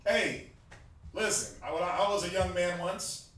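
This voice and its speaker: A Southern US man with a fairly high voice teaches a religious class in a loose, joking, conversational way. He laughs often and drops into slang. He is picked up from across a very echoey room by a distant mic, with faint hiss behind him. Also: moderate pace, a bit bright. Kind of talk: casual sermon-style class teaching.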